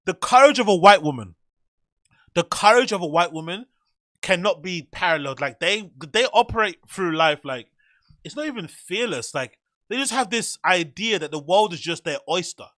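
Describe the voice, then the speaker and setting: Excitable man reacting to clips. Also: high voice, moderate pace, no echo, clean studio sound. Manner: excitable, swearing, laughing, slangy. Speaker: host. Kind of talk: reaction commentary.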